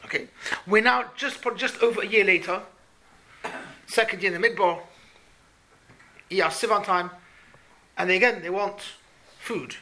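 Torah teacher, man, high and bright, animated questioning lesson. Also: normal speed, pauses often. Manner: questioning, animated, repeats points. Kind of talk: Talmud class for boys.

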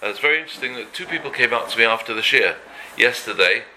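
A man teaching a daily religious law class, halting often and mixing Hebrew terms into his talk. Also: medium pitch, expressive, pushed and bright, a little hiss or hum, poor audio.

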